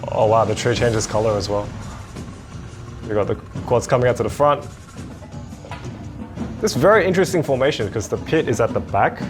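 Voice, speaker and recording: Young man, mid-pitched, excitable reaction host, percussion music behind. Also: normal speed, long pauses. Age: 20s. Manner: chatty, excitable, laughs often. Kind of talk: casual reaction video. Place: home studio. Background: marching percussion show playing.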